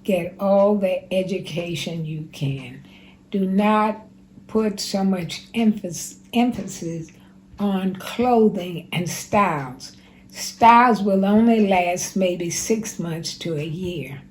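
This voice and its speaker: A woman in her nineties, plainspoken and unhurried, recounting her life and giving advice in an interview. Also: lowish voice, darkish tone, a little hiss or hum, rough recording. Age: 90s. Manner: slow, plainspoken, unhurried storyteller. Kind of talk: casual spoken reminiscence.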